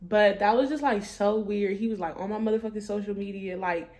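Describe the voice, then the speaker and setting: A woman's voice: mid-range voice, fairly even intonation, brisk, darkish tone. A woman in her twenties, a vlogger, telling a casual story in blunt, profane slang and laughing as she goes.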